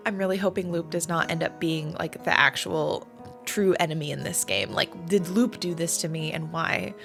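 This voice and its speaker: A woman's voice: on the low side, normal speed, vocal fry, fairly bright tone. A woman giving casual, chatty commentary while playing a video game, musing aloud. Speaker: let's play gamer. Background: game music.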